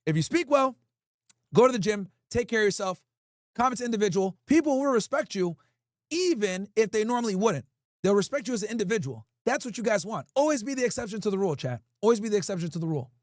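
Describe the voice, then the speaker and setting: A man's voice: high-pitched, expressive, fast, no room sound, clean studio sound. A man hosting a livestream, chatting casually with his audience and reading their comments aloud in a blunt, profane way. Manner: blunt, profane, talks straight to chat. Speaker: livestream host.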